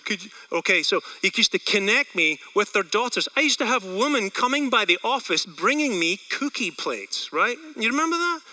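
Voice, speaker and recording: A Scottish pastor preaching with energy and a chatty, questioning manner. His voice is high for a man and very bright. The mic picks him up from a little way off. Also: normal speed, few pauses, distant mic, poor audio. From Scotland. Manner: energetic, conversational, asks the room questions. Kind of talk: sermon.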